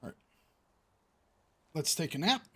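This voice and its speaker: Man, slightly high voice, casual gaming stream, thinking aloud, talks to chat. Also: sing-song, measured pace, husky. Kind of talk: casual gameplay commentary.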